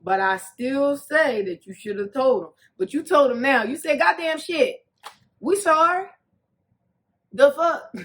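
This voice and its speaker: A woman hosting a casual TV recap, talking in a sassy, animated way that swings between loud jokes and soft, earnest asides. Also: high-pitched, measured pace. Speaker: recap host.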